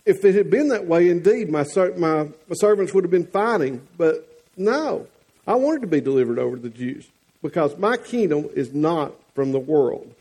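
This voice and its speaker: A man voicing Jesus, speaking scripture in a calm, measured, solemn way. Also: a little high, husky.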